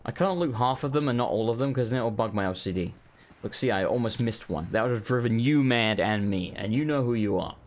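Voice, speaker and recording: A man's voice: medium pitch, brisk. A man giving rambling, casual, sweary commentary while playing a video game. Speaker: gaming host. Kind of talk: casual let's play commentary.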